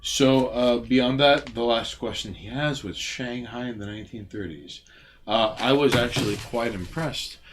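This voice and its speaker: Male stream co-host, profane, reads facts aloud, faint background hiss. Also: on the low side. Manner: profane, reading facts aloud with loud outbursts. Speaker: podcast co-host. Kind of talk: casual late-night stream chat.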